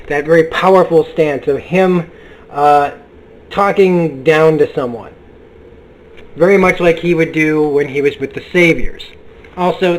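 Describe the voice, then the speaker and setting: Guy rambling about a comic he just read, swears a lot, gets worked up, voice slightly high. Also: low-quality recording. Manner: excitable, profane, rambling. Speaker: comic book reviewer. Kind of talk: casual spoken review.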